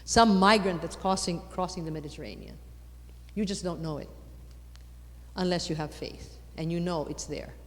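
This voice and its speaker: A woman giving a lively conference talk on faith, repeating words for emphasis and rising to loud exclamations. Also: lowish voice, moderate pace. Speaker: conference speaker. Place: large conference hall. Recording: long hall reverb.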